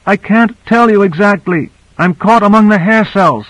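A panicked young woman, as a male narrator puts her on, crying out in a shrill, desperate voice from an audiobook. Her pitch sits far above his usual register. The recording is dry and close. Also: a little slow, pushed and bright, no echo, heavily acted. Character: frightened young woman trapped, screaming for help. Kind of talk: audiobook character voice.

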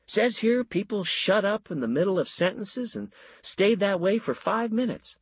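A plain-spoken scientist sounds glum and matter-of-fact, voiced by a man reading a story aloud. The voice stays close to the reader's own, with a husky grain and a dry, close sound. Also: high-pitched, animated, normal speed, dry recording, voice pushed up. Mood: astonished. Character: baffled scientist friend, adult man, glum.

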